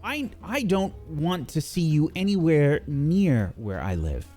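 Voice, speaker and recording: A woman's voice: low-pitched, very animated, slow pace, warm tone, faint music behind, pitched above the performer's own voice, full character voice. A man doing a haughty cold townswoman. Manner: clipped and dismissive. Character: haughty cold townswoman offended by a torn cape.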